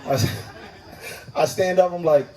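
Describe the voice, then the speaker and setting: A man's voice: high voice, unhurried, far from the mic, some chatter behind, a little hiss or hum, poor audio. A man doing stand-up at an open mic, telling a profane story and acting out the people in it. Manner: profane, animated, acts out voices in his story. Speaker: stand-up comic. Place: live open mic venue.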